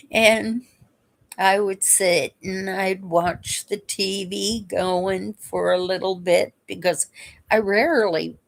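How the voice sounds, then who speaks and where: A woman telling stories from her past in a casual, unhurried way, chuckling now and then between memories. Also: mid-range voice. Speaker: vlogger. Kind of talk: casual storytelling.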